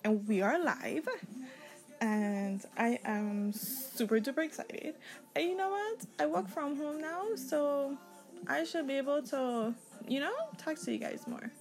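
A young woman with a Caribbean accent talks on her own podcast, rambling freely and candidly. Her voice sits a little high with a gravelly, fry-edged texture. Faint music plays behind her. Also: expressive, unhurried, low-quality recording. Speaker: podcast host. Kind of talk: casual solo podcast monologue.

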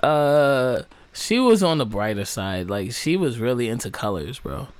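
A man's voice: mid-range voice, big pitch swings, a little slow, clear, resonant tone, dry recording. A young man co-hosting a podcast, brash, profane and teasing in casual chat. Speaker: podcast co-host.

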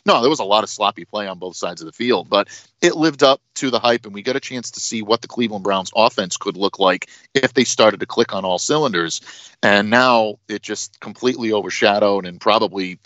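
A man co-hosts a sports talk podcast, speaking in a measured way and thinking out loud as he goes. His voice sits on the low side, heard on a dry, dull recording with no room sound. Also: dry recording. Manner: measured, thinking aloud with fillers. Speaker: podcast co-host.

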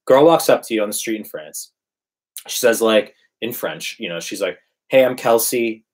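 A man's voice: fairly low pitch, lively intonation, moderate pace. A man in casual conversation, emphatically preaching his dating advice. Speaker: dating coach. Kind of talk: casual podcast chat.

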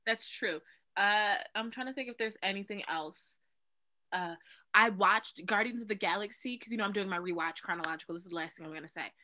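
A woman's voice: medium pitch, fairly quick, pushed and bright, poor audio. A woman co-hosting a podcast, chatting casually in a playful, slangy way. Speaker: podcast co-host. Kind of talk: casual chat.

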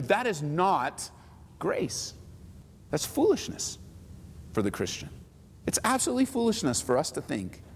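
A man preaching a sermon as a pastor, lively and acting out mocking voices of others. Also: high-pitched, in a large hall.

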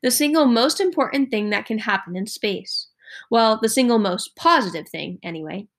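A woman's voice: a little high, animated, moderate pace. A woman reading aloud as a precise, formal boy genius who speaks in a matter-of-fact way.

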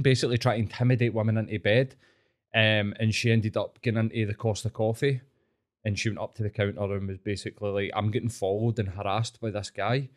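Sweary Glaswegian man telling stories. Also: on the low side. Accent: Glaswegian Scottish. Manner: sweary, animated storytelling. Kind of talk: casual chat.

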